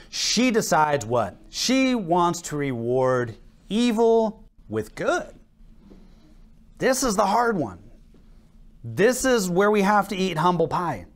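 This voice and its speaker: An American man preaching from the pulpit, his voice sitting a bit high and swinging widely up and down. He acts out little exchanges between people and often breaks into laughter between verses. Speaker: pastor. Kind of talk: sermon.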